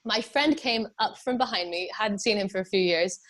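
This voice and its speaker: A woman's voice: mid-range voice, moderate pace, a bit bright. A young British woman from England, a musician chatting casually in an interview, rambling with many fillers and laughs. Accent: British English. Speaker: musician guest.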